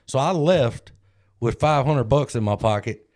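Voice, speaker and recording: A man's voice: medium pitch, animated, measured pace, darkish tone. A man, co-hosting a podcast and telling a candid, self-deprecating story in casual chat. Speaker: podcast co-host.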